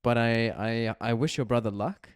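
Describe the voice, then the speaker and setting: A man co-hosting a casual podcast, blunt and opinionated with a bit of swearing. His voice is smooth and resonant, at an average pitch. The sound is dry and close. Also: moderate pace, dry recording. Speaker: podcast co-host. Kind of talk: casual chat.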